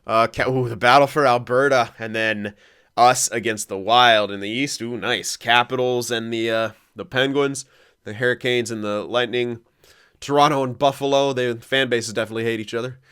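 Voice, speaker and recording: A young man casually commentating his own hockey game, excitable, thinking aloud and swearing often. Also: mid-range voice, normal speed, clean tone. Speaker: gaming commentator.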